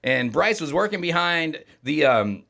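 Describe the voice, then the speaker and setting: Male studio host, quick chatty rambler, slightly high voice, bright tone. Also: big pitch swings, vocal fry. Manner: rambling, chatty, many fillers and restarts. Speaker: podcast host. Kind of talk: casual livestream chat. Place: recording studio.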